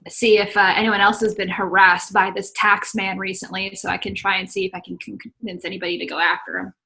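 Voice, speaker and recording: Bright-voiced woman player. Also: mid-range voice, level tone, fast, creaky, low-quality recording. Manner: hesitant, laughing asides. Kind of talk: casual tabletop role-play.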